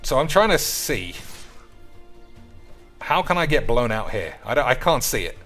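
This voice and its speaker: A man drawls through casual gameplay commentary, teasing his viewers as boys and lads. His pitch swoops up and down constantly, and faint music plays beneath. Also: very animated, unhurried, a bit bright. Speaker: streamer.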